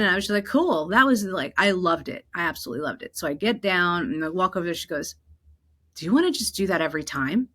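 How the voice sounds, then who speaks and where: A woman from New Jersey hosting her own podcast, telling personal stories in an animated way and acting out the voices of the people in them. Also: medium pitch. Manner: animated, acts out quoted voices. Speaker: podcast host. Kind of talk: personal storytelling.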